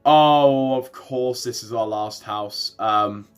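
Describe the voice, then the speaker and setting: A man's voice: medium pitch, slow, smooth, soft background music. A man giving casual gameplay commentary while reviewing player builds, rambling and correcting himself often, with frequent ums and short laughs. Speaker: gaming YouTuber.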